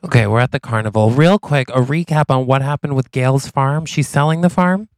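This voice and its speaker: Guy with a gravelly voice riffing a goofy movie story for his cohost, dry close mic. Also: mid-range voice, dry recording. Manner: playful storytelling, acting out quick lines. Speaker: podcast co-host. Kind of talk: improvised comedic movie pitch.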